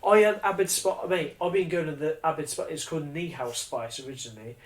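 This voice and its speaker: A man's voice: a little high, expressive, fairly quick. A man co-hosting a podcast, chatting casually and telling stories animatedly, with plenty of swearing. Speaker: podcast co-host. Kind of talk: casual chat. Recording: echoey room.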